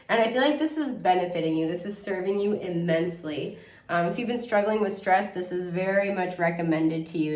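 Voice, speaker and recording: Young woman tarot reader, casual and chatty, slightly sniffly; recorded off-mic in a roomy space. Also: medium pitch. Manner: chatty, filler-heavy, gentle advice. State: sniffly, with occasional coughs. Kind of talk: casual pick-a-card reading. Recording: echoey room, mic at a distance.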